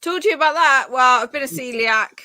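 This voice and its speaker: Chatty woman co-host, bright forward tone, close dry mic, candid and rambling. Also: sits high, brisk, no room sound. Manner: chatty, candid, trailing fillers. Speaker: podcast co-host. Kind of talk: casual live podcast chat.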